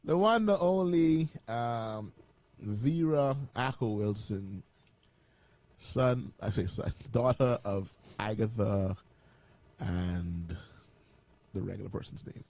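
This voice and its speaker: A man from the Bahamas co-hosting a casual morning radio show in a studio, joking, laughing often and trailing off quietly. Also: fairly low pitch, slow pace, no echo.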